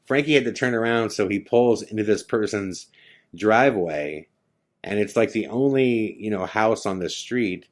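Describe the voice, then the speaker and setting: Man telling a story in a lowish voice. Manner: animated, acts out friends' lines in quick quotes. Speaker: podcast host. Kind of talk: casual storytelling.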